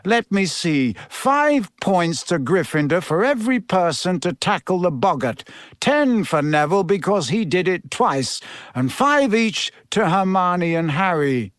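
A man voicing an encouraging middle-aged male teacher who gives brisk, cheerful commands to his class. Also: high voice, big pitch swings, dry recording, clean studio sound.

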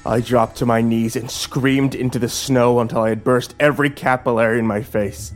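A man tells a first-person horror story in a subdued, hushed delivery. His voice sits at an ordinary middle pitch. Quiet music plays faintly beneath him. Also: steady tone, moderate pace, few pauses. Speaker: narrator.

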